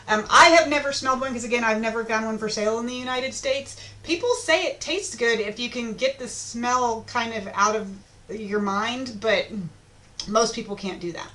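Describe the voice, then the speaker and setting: Woman teacher, slightly high voice, easygoing classroom chat delivered online. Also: normal speed, bright, forceful tone. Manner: chatty, informal, with filler ums. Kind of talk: online lesson.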